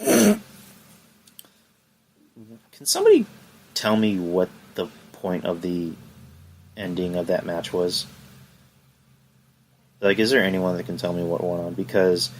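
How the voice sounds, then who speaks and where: A man with a fairly low voice hosts his own review podcast from home. He rants in a casual, exasperated way and keeps throwing out rhetorical questions. A faint hiss sits under his voice. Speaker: podcast host. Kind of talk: solo wrestling review podcast.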